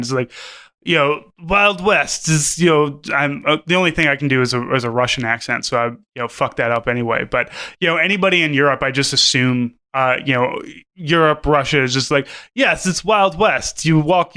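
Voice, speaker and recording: A man's voice: a little high, pushed and bright, smooth. A man co-hosting a podcast, chatting casually with lots of fillers, restarts and swearing. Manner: rambling, profane, many fillers and restarts. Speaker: podcast co-host.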